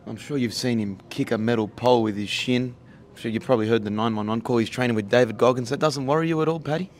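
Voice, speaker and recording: Quick playful guy asking questions, faint noise in the background. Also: mid-range voice, darkish tone. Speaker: interviewer. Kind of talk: press interview.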